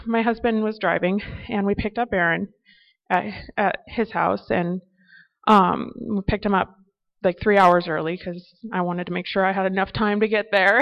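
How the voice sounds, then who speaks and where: Woman telling a lively faith story. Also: medium pitch, dull audio. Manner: animated storytelling with faith reflections. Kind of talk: personal faith testimony.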